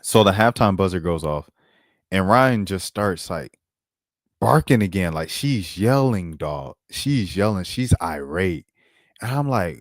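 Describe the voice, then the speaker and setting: Deep-voiced man, laid-back slangy sports talk. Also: animated, unhurried, no echo, clean studio sound. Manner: slangy, laid-back, says bro and dog often; multitasking, pulling up clips while talking. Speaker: sports commentary host. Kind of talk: casual basketball commentary stream.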